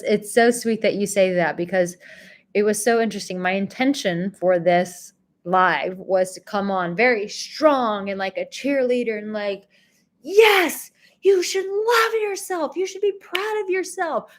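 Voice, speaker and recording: A woman hosting a live stream, reading out viewers' comments and thanking them in a gentle, effusive way. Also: on the low side. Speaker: livestream host and relationship coach.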